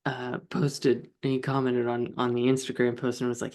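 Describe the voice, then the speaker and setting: A man's voice: mid-range voice, little pitch movement, fairly quick, few pauses, a little mellow. A man co-hosting a casual comedy podcast, playful and jokey with theatrical flair. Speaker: co-host.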